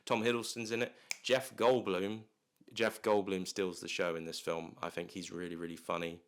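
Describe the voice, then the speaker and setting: A low-pitched man chats through a film review, looping back on himself with restarts and loose filler words. He keeps the tone loose and jokey, like a casual video blog. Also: little pitch movement, moderate pace. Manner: rambling, many restarts and fillers, jokey asides. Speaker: movie reviewer. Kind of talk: casual rambling movie review.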